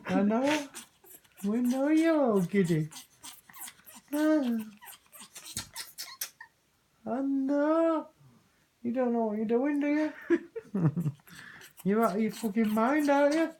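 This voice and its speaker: A woman coaxes her pet bird in a lively, sing-song voice that swoops up and down. She talks slowly and teases with playful swearing. A faint hiss sits behind her. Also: high-pitched, low-quality recording. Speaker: parrot owner. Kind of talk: casual chat to a pet.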